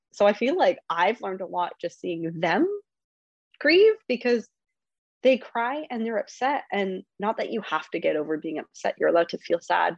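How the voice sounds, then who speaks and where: A woman's voice: medium pitch, creaky, husky, dry recording, dull audio. A woman in her thirties speaking candidly as a guest, reflective and full of fillers and restarts. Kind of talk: candid conversational interview.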